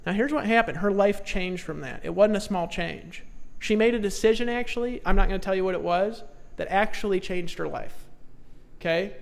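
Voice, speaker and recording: A male sales trainer drives a motivational seminar crowd with repeated short commands, shifting from hushed storytelling to loud exhortation. His voice is high and gravelly at a normal speed. A long reverb tail trails his words.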